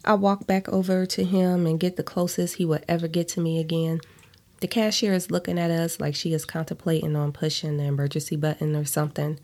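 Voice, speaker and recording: Woman reading her story out loud, cusses a lot, chatty asides, bit of vocal fry. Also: lowish voice, fairly even intonation, normal speed. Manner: blunt, profane, breaks off to laugh and comment.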